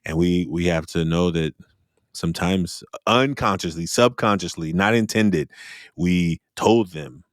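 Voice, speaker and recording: A man's voice: low-pitched, a little slow, no room sound, studio quality. A man hosting a podcast, telling a story earnestly and repeating phrases for emphasis. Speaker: podcast host. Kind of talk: conversational storytelling.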